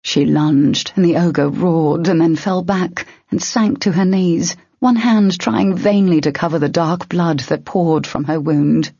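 A woman narrating an audiobook in a steady, measured way. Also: lowish voice, breathy edge, no echo. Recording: dry, dull lo-fi.

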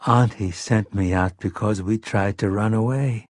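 For an audiobook, a man voices a hypnotized grown man who talks like a frightened seven-year-old, raised and small, first dazed, then trembling and childlike. The performer's voice is on the low side, steady and unhurried, in studio quality with no room sound.

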